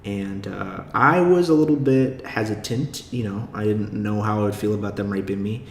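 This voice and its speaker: A man's voice: lowish voice, moderate pace, gravelly, slight background noise. Rambling young man in an echoey room. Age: young adult. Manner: rambling, self-deprecating, lots of fillers and swearing. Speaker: podcast host. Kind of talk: casual monologue.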